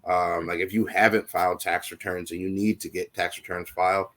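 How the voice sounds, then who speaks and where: A man's voice: low-pitched, level tone, brisk, a bit bright. A man co-hosting a casual show, talking in a rambling, reassuring way with many fillers. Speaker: co-host. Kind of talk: casual talk show chat.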